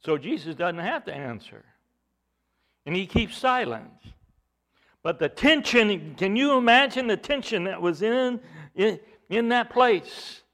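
Slow, forceful preacher man. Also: high voice, expressive. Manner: dramatic storytelling with rhetorical questions, swinging from loud emphasis to hushed. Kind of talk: sermon.

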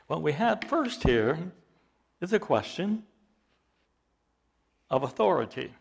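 A man preaching a sermon, reading scripture aloud with dramatic emphasis and explaining it slowly and deliberately, his intensity rising as he goes. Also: on the high side, sing-song, creaky, husky. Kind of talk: expository sermon.

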